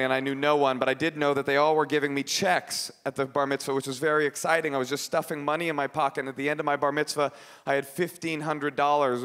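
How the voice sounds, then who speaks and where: A man from Oakland performing an animated, ironic stand-up set, then chatting as a guest on a radio show. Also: mid-range voice, smooth, big-room sound. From Oakland, USA. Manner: animated, quick, ironic storytelling.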